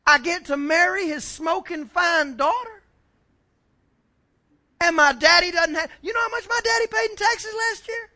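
An excitable young shepherd boy rattles on in a folksy, friendly way, as a preacher acts him out in a sermon. The voice is very high and bright. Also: brisk, few pauses, exaggerated voice. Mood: excited.

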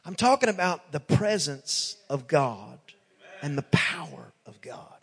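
A man's voice: fairly high pitch, sing-song, a little slow, creaky, a bit bright, breathy edge. Emphatic male pastor in an echoing hall. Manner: emphatic and repetitive, retelling dialogue with many "I said". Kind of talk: sermon. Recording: echoey church hall.

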